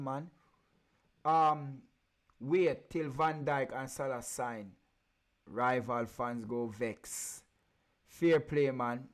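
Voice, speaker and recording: A man's voice: medium pitch, steady tone, drawn-out words, long pauses. A man hosting a casual football livestream, reading out viewer comments and answering with teasing slang-filled banter.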